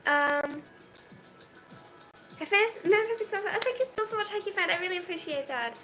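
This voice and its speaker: Young woman, early twenties, from Germany, high voice, shy and hesitant, desk mic at home, faint music behind. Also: expressive, brisk. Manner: shy and self-conscious, hesitant restarts, nervous laughs. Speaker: streamer. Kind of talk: casual live-stream chat, reading viewer comments aloud.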